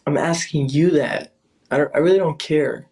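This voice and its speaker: A man's voice: fairly high pitch, moderate pace, creaky, darkish tone, breathy edge. A man on a casual livestream who taunts his rival and calls out to his viewers. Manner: taunting, teasing, calling out to viewers. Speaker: livestreamer in a live battle.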